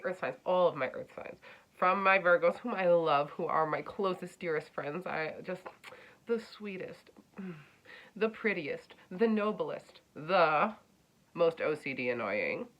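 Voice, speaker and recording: A woman giving a casual spoken astrology reading, blunt and swinging from hushed near-whispers to loud, emphatic bursts. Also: fairly low pitch, animated, a little slow, poor audio. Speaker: astrology reader.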